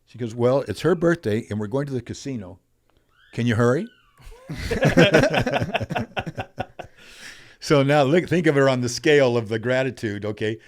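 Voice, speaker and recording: An older man telling stories as a podcast guest, animated, acting out quoted voices. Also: medium pitch, unhurried, pauses often, no room sound. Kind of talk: storytelling in a conversational interview.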